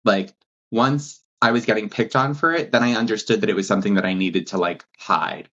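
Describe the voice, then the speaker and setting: Man, 30s, from New Jersey, podcast guest, casual storytelling, animated, laughing, muffled lo-fi audio. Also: a little fast. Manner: animated, laughs often, acts out quotes in a higher voice. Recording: dull lo-fi sound.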